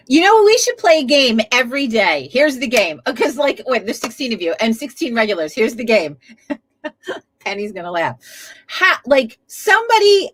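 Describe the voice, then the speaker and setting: A woman hosts a casual live stream from home, talking to her viewers. Her fairly high voice swings widely up and down as she chats, swears and laughs often. It sounds like a home desk setup with a webcam. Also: sing-song, unhurried, pauses often, fairly bright tone, husky. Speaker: livestream host.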